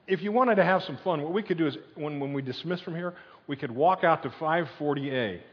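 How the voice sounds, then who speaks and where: A man preaching a sermon as pastor, telling the story in a lively, conversational way and leading the crowd in chants. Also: a little high, a little fast. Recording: dull sound in a long-echo hall.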